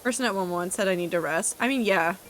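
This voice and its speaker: A woman's voice: fairly low pitch, fast talker, a little hiss or hum. A young woman streaming a game from home, chatting casually with her chat in a rambling way, laughing at herself. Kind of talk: casual chat reading live chat while gaming.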